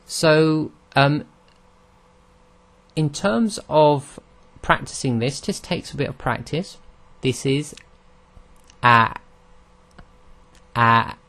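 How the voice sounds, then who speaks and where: This Arabic pronunciation teacher, a man of middle pitch with some vocal fry, records a lesson on letter sounds. Patient and methodical, he demonstrates every sound for his audience to imitate.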